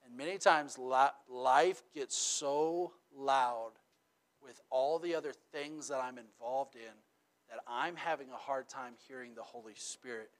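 A middle-aged pastor delivers a sermon conversationally, frequently checking in with "okay?" and "right?". His voice is medium-pitched and a little slow, moving between loud, emphatic passages and quiet, intimate ones.

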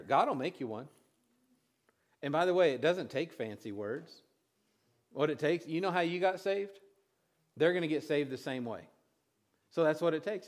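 A man preaching a sermon, telling a personal story in a halting way with many restarts. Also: a little high. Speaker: pastor.

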